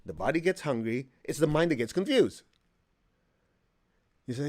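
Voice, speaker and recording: Male meditation teacher, animated class talk, humorous and direct. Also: a little slow, pauses often. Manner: animated storyteller, acts out quotes with high pitch jumps; plain-spoken, humorous, asks the class questions.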